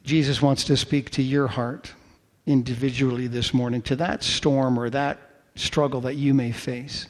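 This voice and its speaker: A middle-aged man preaching in a church sanctuary, his mid-pitched voice ringing out with a long hall reverb. He speaks slowly and deliberately, leaning on key words with dramatic pauses. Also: steady tone. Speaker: pastor. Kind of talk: sermon.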